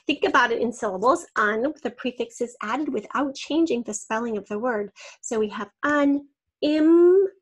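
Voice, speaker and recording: Breathy woman teaching spelling. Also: on the high side, a bit bright. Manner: patient, sounds out syllables slowly. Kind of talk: spelling lesson.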